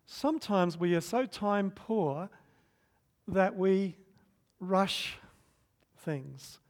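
A middle-aged man preaching a sermon as pastor, swinging from loud emphatic bursts to soft hushed stretches. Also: high voice, lively intonation, drawn-out words.

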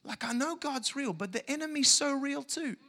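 Male preacher, bright-toned storyteller, very animated, drops to near hush then surges loud. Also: very high voice, normal speed. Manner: animated, swings from hushed asides to shouted peaks. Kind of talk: sermon storytelling.

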